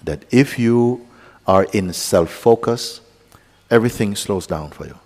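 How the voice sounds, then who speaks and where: Low-voiced man guiding meditation, reverberant hall. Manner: slow, calm guidance with playful asides. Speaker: spiritual teacher. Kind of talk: guided meditation talk.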